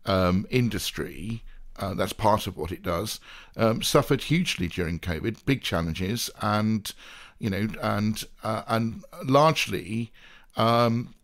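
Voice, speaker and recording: A man's voice: on the low side, takes it slowly, fairly bright tone. A man from the South Coast of England co-hosting a podcast in a casual, rambling, jokey way, wandering off into playful digressions. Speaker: podcast co-host.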